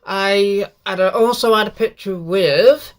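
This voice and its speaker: Brief: British-born male YouTuber, slow unhurried delivery, excitable and rambling. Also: high voice. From Britain. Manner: rambling and excited, many restarts. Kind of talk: casual vlog recap.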